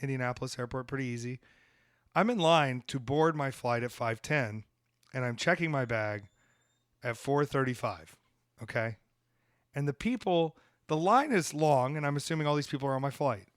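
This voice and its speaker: A man from the American South, hosting a podcast and telling a story in a loose, animated way, swearing now and then. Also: medium pitch, moderate pace, no echo, studio quality. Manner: animated, swearing, acts out voices in quotes. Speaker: podcast host. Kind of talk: casual storytelling.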